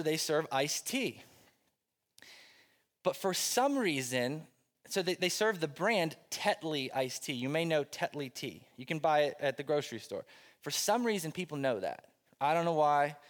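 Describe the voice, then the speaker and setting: Story-telling preacher in a reverberant hall. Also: male voice, fairly high pitch. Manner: conversational storytelling, self-deprecating humor. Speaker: pastor. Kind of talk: sermon with personal anecdote. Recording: long reverb of a large hall.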